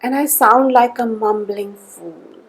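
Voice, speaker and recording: A woman leading a guided tapping session, calling out tapping points in a slow, measured way between spoken statements. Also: fairly high pitch, fairly even intonation, husky, rough recording.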